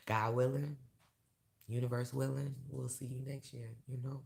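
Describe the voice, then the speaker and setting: A woman talking candidly to her viewers in a casual vlog, emotional and blunt, swearing freely and working herself up into loud rants. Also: a bass voice, level tone, measured pace, vocal fry. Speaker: vlogger and awards show host. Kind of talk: casual direct-to-camera vlog.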